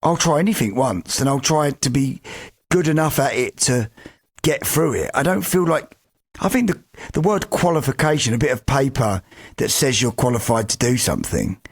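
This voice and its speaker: A man's voice: mid-range voice, expressive, normal speed, breathy edge. A man co-hosting a podcast, talking earnestly in casual chat with stumbling restarts and the odd swear word. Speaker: podcast co-host.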